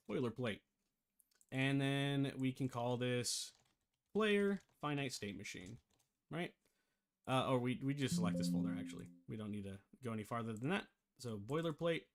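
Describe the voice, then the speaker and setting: A man's voice: medium pitch, lively intonation, a little slow, creaky, slight background noise. A man giving a casual screen-share tutorial on game development, rambling, correcting himself and thinking aloud, with the hiccups.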